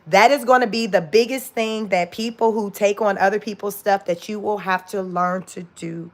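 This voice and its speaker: A woman's voice: mid-range voice, fairly even intonation, normal speed, hardly any pauses. A woman in her forties hosting a casual livestream, blunt and profane, often breaking into laughter. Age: 40s. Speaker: livestream host.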